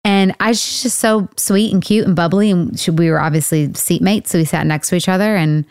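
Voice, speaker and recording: A woman's voice: lowish voice, fairly quick, a little mellow, smooth, no echo, clean studio sound. A woman in her thirties hosting a podcast in a chatty, rambling way, laughing often, also reading the ads. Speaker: podcast host. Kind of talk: casual chat and ad read.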